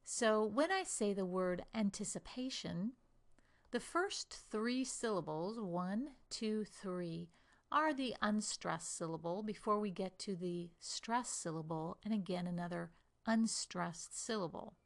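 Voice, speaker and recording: American female accent coach, measured and deliberate delivery, exaggerates stress for demos. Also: medium pitch, animated, vocal fry. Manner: slow, deliberate, exaggerating syllables for demonstration. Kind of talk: pronunciation lesson.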